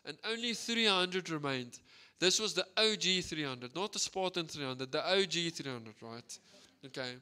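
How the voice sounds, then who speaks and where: A South African man preaching with lively, animated storytelling, checking in with the listeners as he goes. His voice is bright and slightly high, with a clean, resonant tone. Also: moderate pace, clear, resonant tone. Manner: energetic, animated storytelling with frequent "right?". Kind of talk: sermon.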